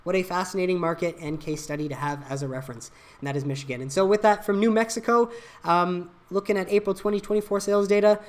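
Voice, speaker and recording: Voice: medium pitch, steady tone, fast. Blunt, opinionated market news host. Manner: blunt, opinionated, reads headlines aloud with asides. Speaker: channel host. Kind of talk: casual market news commentary.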